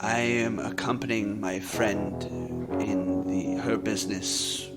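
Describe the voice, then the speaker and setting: A man playing a character in a tabletop game, polite and measured. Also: on the low side, fairly even intonation. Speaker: player. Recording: loud guitar music behind.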